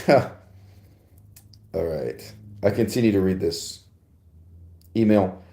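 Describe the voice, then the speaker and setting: A man's voice: deep voice, dark tone, reverberant. A man hosting a podcast, answering a listener's email in a digressive, emphatic philosophical monologue with frequent laughs and rhetorical asides.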